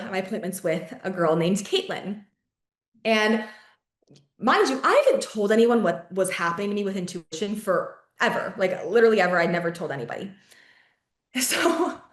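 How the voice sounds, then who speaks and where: A young woman hosting a podcast, telling a personal story in a chatty, casual way full of fillers, swearing and laughs. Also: mid-range voice. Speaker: podcast host. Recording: roomy echo.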